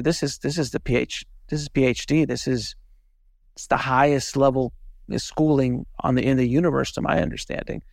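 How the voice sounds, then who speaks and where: Gravelly man, animated storyteller. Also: on the high side, dry recording, clean studio sound. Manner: animated storytelling, acting out quoted voices. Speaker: podcast host and filmmaker, guest. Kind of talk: casual interview talk.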